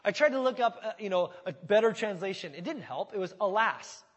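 A man preaching an expository sermon in an animated, conversational and emphatic way. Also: sits high, a little fast, big-room sound. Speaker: pastor.

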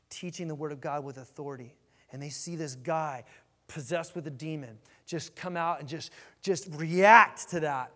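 A pastor delivers a sermon with lively, animated energy, stumbling and restarting as he repeats words to build his points. His voice is a little higher than most men's, and a long reverb fills the sound like a large church sanctuary.

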